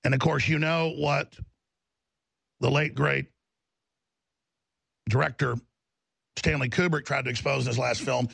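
Gravelly, husky-voiced ranting male host. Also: mid-range voice, steady tone, unhurried, long pauses, fairly bright tone, no echo. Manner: fervent, ranting, emphatic repetition. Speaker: talk show host. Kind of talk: impassioned broadcast monologue.

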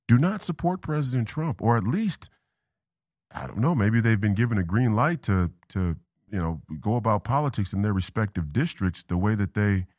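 Rambling low-voiced political host, animated. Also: male voice, no echo. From Minnesota. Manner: rambling, repeats words, goes off on tangents. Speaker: political talk show host. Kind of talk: political commentary monologue.

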